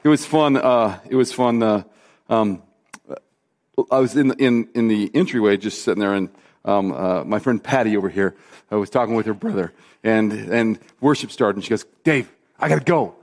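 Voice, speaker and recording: A pastor preaching a relaxed, conversational sermon live in church, full of fillers and repeated phrases. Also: male voice, fairly low pitch, normal speed. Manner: chatty, loose, repeats himself, many fillers. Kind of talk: casual spoken sermon to a live congregation. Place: church service, sanctuary.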